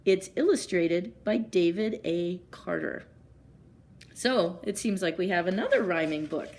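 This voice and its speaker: A woman librarian reading picture books aloud at story time, gently pausing to ask children questions. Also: fairly low pitch, expressive.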